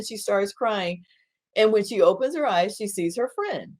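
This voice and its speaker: A woman minister giving an earnest teaching talk about caregiving and telling a story, often repeating words and restarting sentences, slowing down to stress points. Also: medium pitch, expressive, darkish tone.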